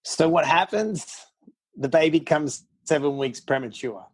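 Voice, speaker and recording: A man's voice: on the high side, a little slow, husky. A middle-aged man, a podcast guest, tells a personal story candidly and bluntly, acting out quotes as he goes. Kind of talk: casual storytelling interview.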